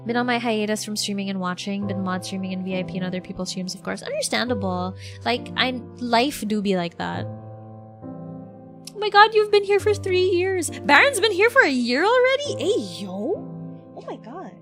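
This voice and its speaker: A woman, chatting casually and bubbly as a streamer, full of fillers and sudden excited shouts. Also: fairly high pitch, normal speed. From Philippines. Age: 20s. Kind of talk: casual livestream chat. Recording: background music playing.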